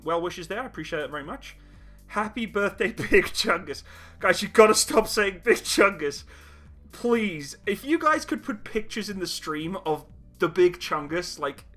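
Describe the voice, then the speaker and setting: Hosting a casual live chat stream, a young man reads donations aloud with a voice that sits high and sounds fairly bright. He laughs often, in a giggly, self-mocking manner.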